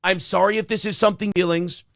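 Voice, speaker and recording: A man's voice: high voice, steady tone, fast, fairly bright tone, no room sound. Rambling talk-show man, dry close sound. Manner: rambling, apologetic asides. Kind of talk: casual live-stream talk.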